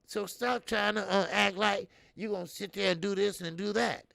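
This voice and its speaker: A man hosting a casual boxing stream, his slightly raised voice full of deep gravelly fry. He rambles and curses freely, stumbling through fillers as he answers viewers. The sound is close and dry, with no room in it. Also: steady tone, normal speed, pushed and bright, no room sound. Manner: loose, profane and rambling, with many fillers. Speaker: boxing talk show host. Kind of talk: casual live-stream commentary.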